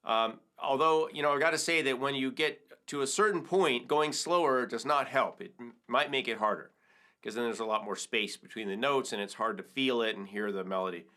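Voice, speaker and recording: A man's voice: medium pitch, brisk, pushed and bright. A middle-aged man teaching a hand-drum lesson step by step, counting and singing the rhythms aloud. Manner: counts and sings rhythms aloud, breaks into vocables. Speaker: percussion teacher. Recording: congas and wood block playing behind the voice.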